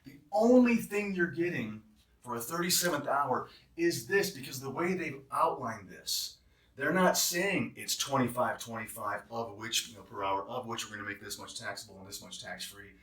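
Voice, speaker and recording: Animated and a bit bright, a man's mid-range voice moves at a moderate pace as he, a travel nurse recruiter, goes through a job offer with nurses. He turns heated and emphatic about the hourly pay, so his walkthrough becomes a rant, captured with roomy echo on a distant mic.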